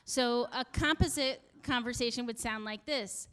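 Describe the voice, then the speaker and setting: A woman's voice: on the high side, moderate pace, hardly any pauses, a bit bright, smooth, dry recording. A middle-aged woman telling a comic personal story in a wry, self-mocking way, acting out the voices she quotes.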